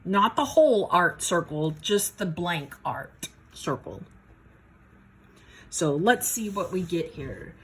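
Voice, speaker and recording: A woman's voice: lowish voice, animated, takes it slowly, slight background noise. A woman teaching math in a casual, folksy way, talking herself through each step of a problem. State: a little out of breath. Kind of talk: casual worked-problem lesson.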